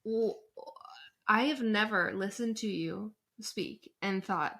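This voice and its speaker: A woman's voice: mid-range voice, slow pace, creaky, fairly bright tone. A woman co-hosting a podcast in casual chat, talking loosely with many fillers and sounding supportive. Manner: chatty, lots of fillers, supportive. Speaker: podcast co-host.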